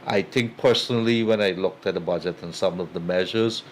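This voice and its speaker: Male host, very low voice, chatty and filler-heavy; faint background hiss. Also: fairly quick. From Guyana. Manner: chatty, many fillers, thanks guests warmly. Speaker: talk show host. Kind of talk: talk show host wrap-up.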